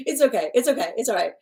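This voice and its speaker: In a lowish voice, a young adult tarot reader hosts a livestream, chatting informally with the audience. She laughs often and restarts her thoughts many times.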